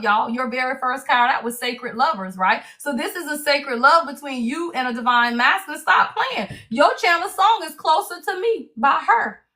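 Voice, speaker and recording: A woman giving a livestream tarot reading, lively and salty, cursing freely and throwing in "y'all.". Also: high voice. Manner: animated, salty, cusses freely, keeps saying y'all. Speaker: tarot reader.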